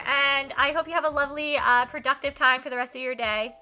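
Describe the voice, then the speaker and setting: Giggly bright-voiced young woman streamer. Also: high-pitched, fairly quick, hardly any pauses, soft background music. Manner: giggly, self-deprecating, chatty. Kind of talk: live-stream game playthrough with read-aloud.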